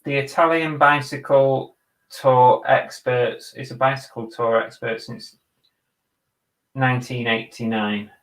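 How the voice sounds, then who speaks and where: A man's voice: medium pitch, fairly even intonation, takes it slowly, a bit bright, rough recording. An English man from the UK, chatting casually and bluntly on a live stream while listing items for resale and reading out viewers' comments. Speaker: eBay reseller livestreaming.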